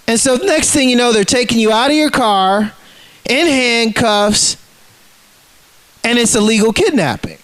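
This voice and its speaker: A man's voice: very high-pitched, a little slow, pauses often, fairly bright tone, rough recording. A man ranting casually to the camera, heated and profane, acting out the people in his stories. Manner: profane, heated, acts out quotes in scenes.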